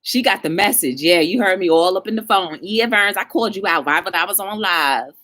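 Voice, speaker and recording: A woman's voice: medium pitch, brisk, pushed and bright. A woman hosting a live talk show, telling a story and acting out both sides of the dialogue, and calling her viewers y'all.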